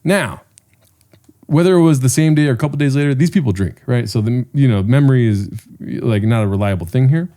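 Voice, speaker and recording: Man with a dark, crude storytelling voice. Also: mid-range voice, brisk. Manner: loose storytelling with crude jokes. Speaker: podcast co-host. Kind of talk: casual podcast chat.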